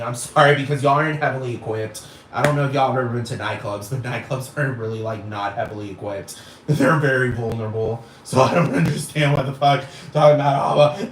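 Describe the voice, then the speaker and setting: A man ranting on a vlog, exasperated and profane, piling up rhetorical questions. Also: mid-range voice. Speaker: vlogger. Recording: roomy echo with faint noise.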